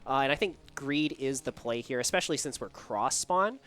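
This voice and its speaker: A man casting a live esports match, excitable and jokey, laughing often between quick calls of the play. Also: mid-range voice. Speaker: esports caster.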